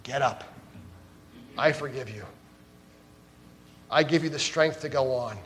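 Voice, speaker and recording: A man preaching gives voice to a gentle, reassuring Jesus, speaking softly and tenderly in a lowered, hushed tone. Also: measured pace, natural voice.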